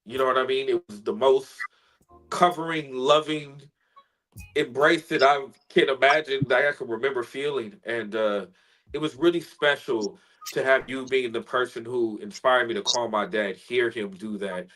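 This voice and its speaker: A man who is a spoken word artist, a guest in an interview, telling a personal story in an earnest, heartfelt way that grows quiet when he is moved. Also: mid-range voice, moderate pace, low-quality recording.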